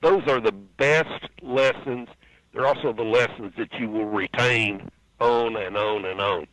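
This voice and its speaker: A man's voice: lowish voice, measured pace, fairly bright tone, slight background noise, poor audio. A man in his seventies, a guest engine builder on a podcast interview, talking in a plainspoken, folksy storytelling way. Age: 70s.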